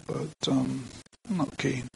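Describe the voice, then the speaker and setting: A man's voice: medium pitch, big pitch swings, takes it slowly, gravelly, darkish tone, a little hiss or hum, rough recording. An older man preaching a sermon in a church, talking plainly to the congregation with frequent asides.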